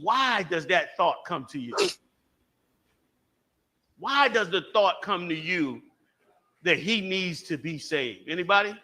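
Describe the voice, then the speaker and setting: A man's voice: sits high, expressive, slow pace, long pauses, bright, forceful tone. A man teaching a religious class, emphatic and repeating key phrases, questioning the audience and calling on them to answer.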